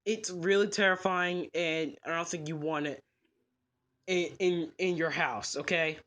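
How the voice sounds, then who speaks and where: Plush skit: grumpy male store manager, woman doing it with her voice dropped low, stammering. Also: steady tone, a little slow, fairly bright tone. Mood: evasive. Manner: stammering, evasive.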